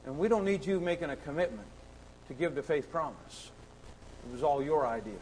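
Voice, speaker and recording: A man preaching a sermon, impassioned and repetitive, swinging between shouts and hushed pleading. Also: fairly high pitch, fairly quick, a little hiss or hum, poor audio. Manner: sings hymn lines briefly.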